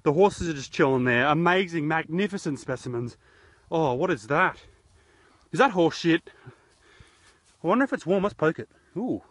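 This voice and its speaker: A man's voice: fairly high pitch, expressive, normal speed, long pauses, fairly bright tone. Jokey Australian man rambling outdoors. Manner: jokey, rambling, self-mocking. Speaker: YouTuber host. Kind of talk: goofy outdoor vlog. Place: outdoors in a horse paddock. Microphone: handheld camera.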